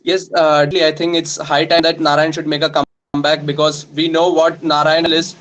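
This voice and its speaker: Higher-voiced man giving earnest fan views. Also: flat delivery, a bit bright, low-quality recording. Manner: earnest, halting with fillers. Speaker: fan guest. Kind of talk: casual chat.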